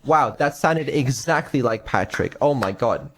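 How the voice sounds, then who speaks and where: A man's voice: medium pitch, lively intonation, unhurried, fairly bright tone. A man streaming as a developer, talking casually with lots of ums and dry sarcasm. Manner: mumbling, hesitant, many ums, dry sarcasm.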